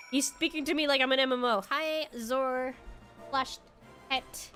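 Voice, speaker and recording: A woman's voice: high-pitched, steady tone, a little slow, sharp tone, soft background music. A young woman streamer reacting casually and with frequent swearing as she plays a game. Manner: laughing, swearing, chatty reactions.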